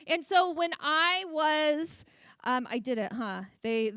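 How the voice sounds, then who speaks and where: A woman in her forties with a high voice gives a humorous talk to a luncheon audience in an event hall. She stutters, often repeating sounds, and speaks slowly with lively intonation and a sharp tone. The recording is dry.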